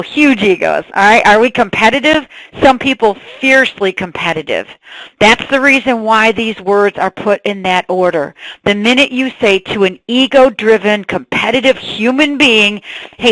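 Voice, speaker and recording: A woman giving a sales training webinar, energetic and asking her audience questions, on a computer mic. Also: fairly high pitch, dry recording, low-quality recording.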